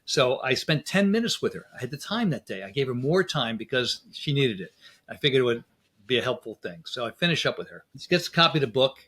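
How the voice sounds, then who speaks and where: A husky man speaking as a dentist guest in a relaxed interview. He tells lively stories and acts out both sides of conversations, at an ordinary middle pitch. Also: fast. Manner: lively anecdotes, acts out dialogue. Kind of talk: casual interview storytelling.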